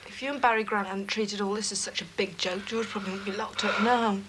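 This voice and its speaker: An upset young woman who answers back reproachfully, played by an actress in a TV soap. Her voice sits at a middle pitch, with faint noise behind it. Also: fairly even intonation, quick pace, a bit bright, lightly acted, poor audio. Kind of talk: TV soap acting.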